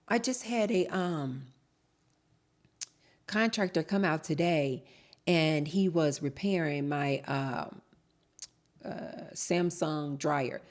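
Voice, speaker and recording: A woman vlogger tells her viewers a story in a chatty way, calling them "you guys" and playing both sides of each quoted exchange. Her voice is deep and slow, with long pauses.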